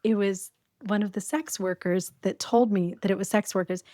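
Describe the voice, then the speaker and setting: Animated woman guest in her forties. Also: medium pitch, no room sound, clean studio sound. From Arizona. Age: 40s. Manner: animated, quick storyteller. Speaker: podcast guest. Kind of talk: casual storytelling interview.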